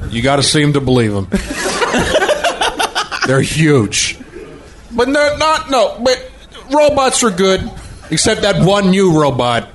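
A man's voice: high-pitched, huge pitch swings, slow pace, pauses often, fairly bright tone, exaggerated voice. A man doing a giggling comedy impression of an older filmmaker, rambling and breaking character on a noisy podcast. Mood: wistful rambling.

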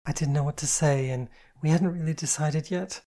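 An audiobook reader voicing a shy, polite young woman who speaks softly and apologetically, in a storybook reading. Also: mid-range voice, moderate pace, close to an everyday voice. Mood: shy, apologetic. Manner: soft-spoken and apologetic.

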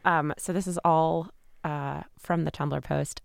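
Low, smooth-voiced woman host asking questions. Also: steady tone, slow, no room sound, studio quality. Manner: curious, conversational questions. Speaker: podcast host. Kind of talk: casual interview conversation.

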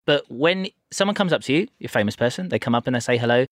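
A man's voice: mid-range voice, expressive, rapid-fire, no echo. A man hosting a podcast in a studio, chatting casually and explaining things with many restarts. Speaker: podcast host. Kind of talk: casual chat. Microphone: studio headphones and mic.

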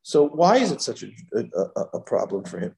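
Animated rabbi, echoey room. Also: male voice, a little fast, vocal fry. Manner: animated, voices God's words in sharp higher bursts. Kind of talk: Torah lecture.

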